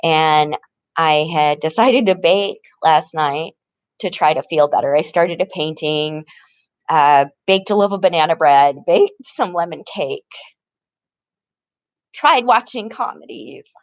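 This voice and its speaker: A woman's voice: sits low, animated, takes it slowly, no room sound. A woman talking casually in a rambling personal vlog, laughing often between her sentences. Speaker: vlogger. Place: tent in an encampment.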